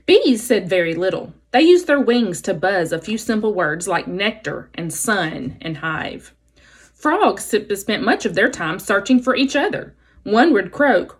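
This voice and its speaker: A woman's voice: medium pitch, big pitch swings, unhurried, breathy edge. A woman teacher reading a children's novel aloud expressively, adding brief explanations for her listeners.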